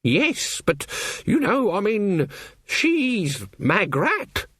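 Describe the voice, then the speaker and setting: A man voicing a stern old female witch who speaks in a slow, icy, sarcastic way. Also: sits high, wildly swooping pitch, a bit bright, slightly rough, no echo, studio quality, pitched above the performer's own voice, heavily acted.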